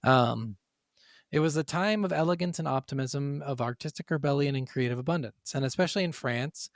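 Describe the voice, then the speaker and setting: A man's voice: medium pitch, a little fast, no echo, studio quality. A man co-hosting a gaming podcast, reading from notes, then riffing casually with swearing and stumbling over foreign names. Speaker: podcast co-host.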